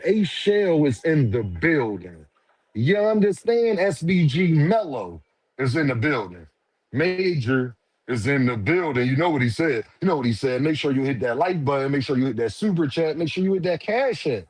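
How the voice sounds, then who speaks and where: A man with a slightly high voice runs a casual livestream and calls out viewers one after another. He talks in lively, slangy, repetitive bursts as he works through the chat. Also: normal speed. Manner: lively, repetitive shout-outs with slangy banter. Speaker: livestream host.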